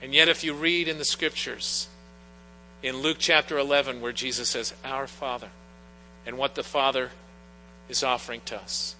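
A middle-aged pastor keeps a steady tone at normal speed, his medium-pitched voice bright and forceful. He earnestly preaches through personal anecdotes in a church sanctuary, where long reverb and a faint mains hum are audible.

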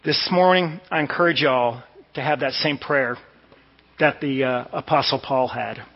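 A man's voice: medium pitch, a little slow. A man from the Washington DC area preaching a sermon in a conversational, storytelling way. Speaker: pastor. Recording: dull sound with long hall reverb.

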